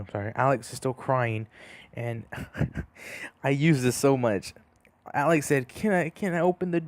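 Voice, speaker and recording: Rambling young man telling a story. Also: medium pitch. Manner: rambling, many fillers and restarts, laughs at himself. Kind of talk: casual storytime over gameplay.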